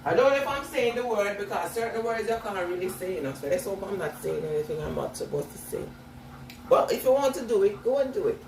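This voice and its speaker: Quick and lively, her mid-range voice has a slightly mellow quality and a noticeable non-standard English accent. She's a vlogger answering live chat while washing her hair, casual in tone, laughing often and repeating what she says. The distant mic picks up a little hiss or hum in an echoey room with clear background ambience.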